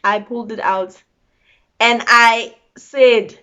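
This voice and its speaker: A young South African woman with a rather high voice tells a story straight to her viewers, blunt and animated, often turning to address them. The sound is dull and lo-fi, like a home recording. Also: slow pace. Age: young adult. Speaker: vlogger. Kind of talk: casual storytime.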